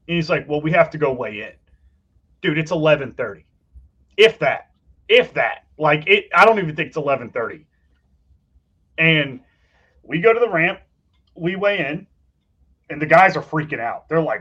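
A man hosting a casual podcast chat, telling stories in a rambling, profane way. His voice sits a little high. The recording sounds a touch dull and lo-fi. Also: measured pace, long pauses, a bit bright. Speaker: podcast host.

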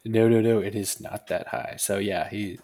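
Low-voiced man player at a tabletop game. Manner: relaxed, halting with fillers. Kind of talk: casual tabletop game play.

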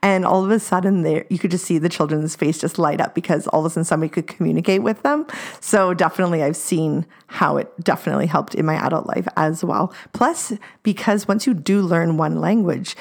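Lowish female voice, from British Columbia, chatty and laugh-prone, casual podcast talk. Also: a little fast, vocal fry. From British Columbia, Canada. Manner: chatty, laughs often, many fillers. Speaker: podcast guest, former French immersion student. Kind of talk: casual chat.

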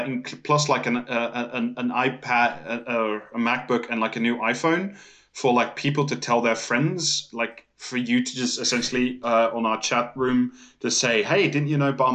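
A man's voice: medium pitch, a bit bright. A man co-hosting a casual political chat, talking with incredulous, laughing mockery.

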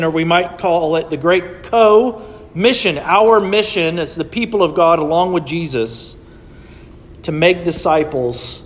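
A man's voice: sits high, big-room sound. A man preaching a sermon to his church in a conversational way, often checking in with his listeners. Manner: conversational preaching with frequent "right?" asides. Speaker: pastor. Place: church sanctuary.

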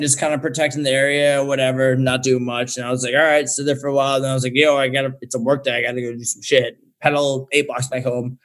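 Young man, guest on a casual chat show, profane, animated storyteller, average pitch.

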